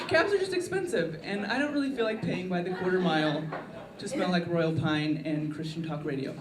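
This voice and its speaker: A woman doing a stand-up routine with a wry, deadpan delivery in a comedy club. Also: lowish voice, brisk, distant mic. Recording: echoey club miked from afar, crowd laughter.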